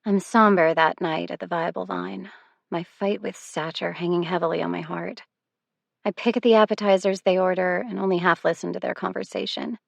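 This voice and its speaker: A woman reading a first-person novel aloud as an audiobook narrator, in a wry, measured storytelling manner. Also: lowish voice, fairly even intonation, creaky, dry recording.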